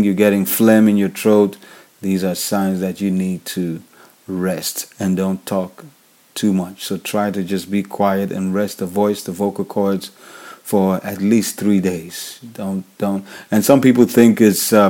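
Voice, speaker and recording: Nigerian male podcast host, low mellow delivery, repeats key points, casual advice. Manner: repetitive, restates key points, frequent fillers. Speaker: worship leader podcast host. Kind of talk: casual instructional talk.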